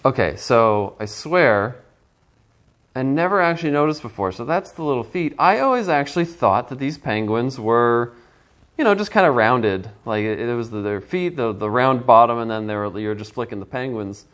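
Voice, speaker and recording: A man's voice: mid-range voice, lively intonation, moderate pace, a bit bright. A man reviewing a board game in a casual first-person video, musing aloud with playful asides.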